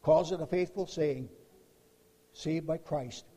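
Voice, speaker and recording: High-voiced preacher man in a reverberant hall. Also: slow, dark tone, slightly rough. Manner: storytelling, emphatic with repeated words. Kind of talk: sermon.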